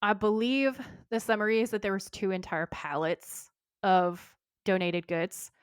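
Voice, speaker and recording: A woman co-hosting a podcast, chatting warmly and enthusiastically and reading a post aloud. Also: mid-range voice, steady tone, unhurried, clean tone, no echo, studio quality. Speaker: podcast co-host. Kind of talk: casual chat and reading aloud.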